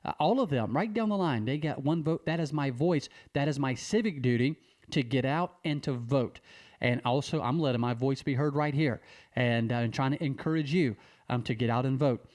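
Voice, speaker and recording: A man from Mississippi, speaking an earnest direct-to-camera appeal, repeating key phrases with slow emphasis. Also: mid-range voice, darkish tone. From Mississippi, USA. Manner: repetitive, emphatic, with slow stressed phrases and restarts. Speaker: civic advocate addressing viewers.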